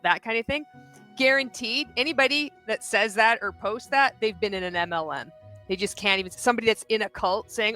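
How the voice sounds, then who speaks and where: A woman hosts a reaction commentary show, her voice bright and forceful. She talks bluntly and sarcastically, picking apart what she has just watched. Faint music sits far behind her. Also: on the high side, a little fast. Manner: mocks others by quoting them in exaggerated voices. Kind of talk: reaction commentary on video clips.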